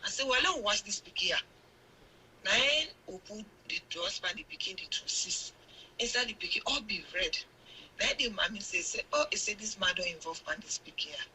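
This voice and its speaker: A woman's voice: mid-range voice, lively intonation, brisk, bright, forceful tone, slight background noise, rough recording. An older woman with a Sierra Leonean Krio accent, a guest earnestly recounting events in a long narration full of quoted exchanges. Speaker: guest, mother telling her account. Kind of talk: radio interview testimony.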